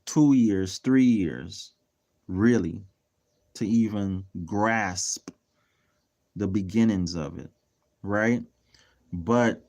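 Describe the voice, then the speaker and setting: A man's voice: fairly low pitch, a little mellow. A man talking casually on a livestream as a real estate mentor, blunt and heavily profane, flaring into heated rants. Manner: heated ranting in bursts.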